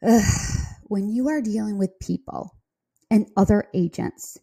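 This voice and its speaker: Chatty, giggly woman with a mellow voice. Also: medium pitch, takes it slowly. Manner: chatty, animated, giggles often. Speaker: real estate agent and podcast host. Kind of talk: casual podcast storytelling.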